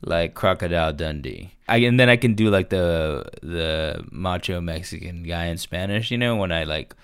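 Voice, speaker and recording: A man with a very deep voice talking in a loose, laid-back way. He tells crude stories in casual chat as a podcast co-host. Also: lively intonation, moderate pace, clear, resonant tone.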